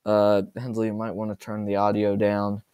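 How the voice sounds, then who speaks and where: Low-ish, monotone, and a little mellow, his voice moves at a moderate pace. He's a gaming YouTuber reacting to videos from a room at home, speaking casually with nervous stammers and repetition. A laptop or earbuds mic captures him from a distance, giving a roomy sound.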